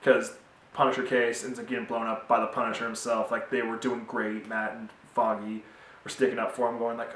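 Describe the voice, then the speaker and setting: A man's voice: medium pitch, flat delivery, brisk, a bit bright, distant mic. A young man giving a casual, rambling TV review with many fillers, recorded at home in a roomy space away from the mic. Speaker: TV show reviewer.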